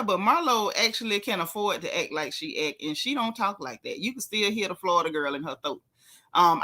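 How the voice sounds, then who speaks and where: Sassy, bright-voiced woman gossip host. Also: medium pitch. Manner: sassy, blunt and teasing, talking straight to viewers; reads viewer comments aloud and answers them. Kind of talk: casual celebrity gossip commentary.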